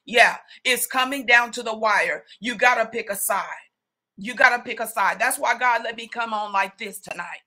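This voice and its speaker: Fervent woman preacher, bright voice. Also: fairly high pitch, normal speed. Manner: fervent, rising to speaking in tongues and shouting; street slang, repeated rhetorical questions. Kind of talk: sermon.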